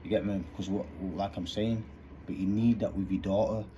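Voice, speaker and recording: Earnest man, thirties, deep mellow voice, faint background hiss, casual monologue. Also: fairly even intonation, moderate pace. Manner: earnest, rambling, street slang. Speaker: vlogger. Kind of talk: candid monologue.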